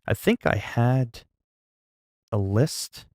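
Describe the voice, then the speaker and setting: A man chatting casually with viewers on a live stream, calm and low-key, with a delivery some find sleepy. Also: no echo, clean studio sound. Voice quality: sleepy-sounding, flat delivery. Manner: low-key, calm and unhurried, not hyped. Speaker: livestreamer.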